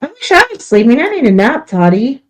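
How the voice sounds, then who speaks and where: Brief: woman co-host, slightly high-pitched, chatty, laughs easily, stumbles and self-corrects. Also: very animated, a little fast, low-quality recording. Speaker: livestream co-host. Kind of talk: casual livestream chat.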